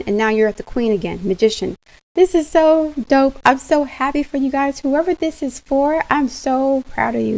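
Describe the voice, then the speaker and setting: A woman giving a casual tarot reading straight to her viewers, animated and slangy, laughing often. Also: high voice, vocal fry, rough recording. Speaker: tarot reader.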